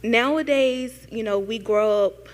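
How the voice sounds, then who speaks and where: A young woman in the audience asking a long, halting question, full of fillers and near tears. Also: a little high, big-room sound. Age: young adult. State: tearful. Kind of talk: emotional question at a panel event.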